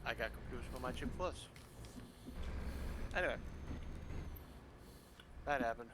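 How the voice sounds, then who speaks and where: A man's voice: mid-range voice, a little slow, noisy background. A man hosting a gaming channel, chatting casually while driving a truck in a game, rambling and correcting himself as he goes. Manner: rambling, self-correcting, laughs at his own mistakes.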